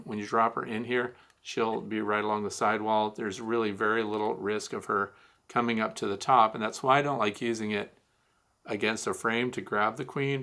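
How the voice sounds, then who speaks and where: A man's voice: fairly low pitch, pushed and bright. A man hosting a beekeeping Q&A, giving a blunt, teasing hands-on demonstration of gear. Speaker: beekeeping show host.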